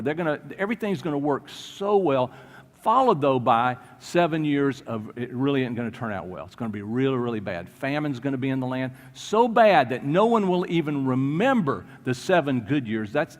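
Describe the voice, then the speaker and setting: A man preaching a sermon as pastor, telling a story in an animated way and briefly acting out the people in it. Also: medium pitch. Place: church. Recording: long reverb of a church hall.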